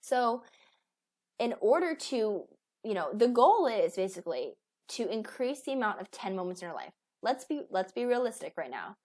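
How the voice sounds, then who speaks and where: A woman's voice: mid-range voice, sing-song, moderate pace, darkish tone. A woman in her thirties, a weight loss coach, giving a casual motivational talk full of fillers and restarts. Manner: chatty, with many fillers and restarts.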